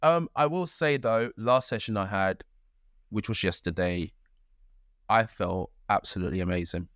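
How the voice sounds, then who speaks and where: A young man co-hosting a podcast, telling a story in a lively way with acted-out quotes. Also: lowish voice, moderate pace, no room sound, studio quality. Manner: animated storytelling, acts out quotes. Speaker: podcast co-host. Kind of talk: casual chat.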